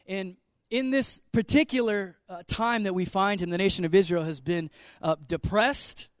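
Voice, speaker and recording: A man in his twenties, a pastor giving an energetic, joking, conversational sermon in a church. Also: high-pitched, normal speed, clear, resonant tone, no echo, clean studio sound. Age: 20s.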